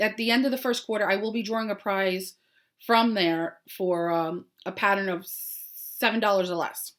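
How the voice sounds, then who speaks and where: A woman's voice: medium pitch, fairly bright tone. Chatty woman hosting a crafting podcast. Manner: heartfelt, rambling with many ums and restarts; bubbly and upbeat when announcing. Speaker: podcast host. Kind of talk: casual chat.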